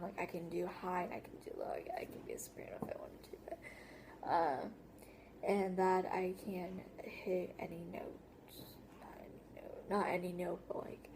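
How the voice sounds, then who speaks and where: With a fairly low, dark-toned voice, a teen vlogger meanders through a casual story, using plenty of fillers and often sinking into a whisper. Slight background noise is audible.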